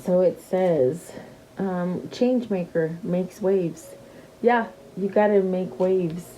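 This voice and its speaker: Soft-spoken woman reading tarot cards. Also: on the low side, takes it slowly, a little hiss or hum, low-quality recording. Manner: chatty, repeats questions to the cards softly, many fillers and restarts. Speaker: tarot reader. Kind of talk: casual tarot reading to camera.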